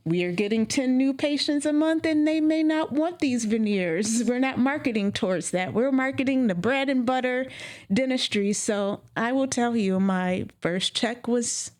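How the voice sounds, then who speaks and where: A woman dentist telling her career story in an interview, emotional and animated, acting out what she said back then. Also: on the high side. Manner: emotional, animated, acts out her own quotes.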